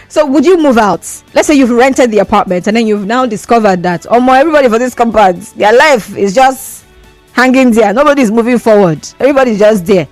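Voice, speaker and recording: A Nigerian woman hosting a call-in radio show, talking in a lively, playful way and laughing easily. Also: on the high side, fairly quick, no echo, soft background music. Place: radio studio.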